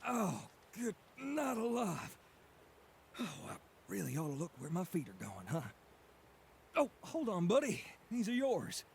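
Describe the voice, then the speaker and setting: A jittery, sweet Southern mailman, high and lively, gravelly, with a little hiss behind. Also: a little slow, exaggerated voice. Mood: flustered. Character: sweet nervous Southern mailman, young man.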